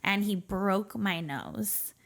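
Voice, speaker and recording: A woman's voice: medium pitch, takes it slowly. A woman from the Portland area, speaking as a podcast guest and telling her life story candidly, with many fillers and short nervous laughs. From Portland area, Oregon, USA. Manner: conversational, many fillers like "you know" and "um", light nervous laughs. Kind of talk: candid personal storytelling in an interview.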